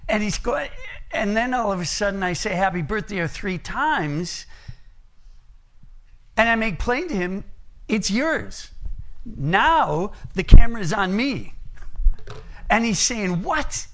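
A man's voice: sits high, lively intonation, slow, long pauses, a bit bright. A middle-aged man preaching a sermon, plain-spoken, who illustrates his point with a long personal story and humorous asides.

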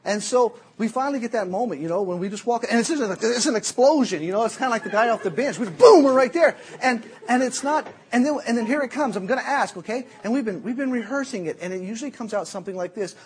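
A middle-aged man preaching a sermon as a Bible teacher, telling jokey, animated stories. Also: extremely high pitch, quick pace, hardly any pauses, husky.

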